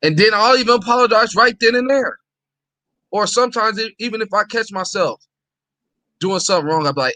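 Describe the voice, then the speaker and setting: A man talking casually in a conversation, animated and repetitive with street slang. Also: sits high, fairly quick, no room sound.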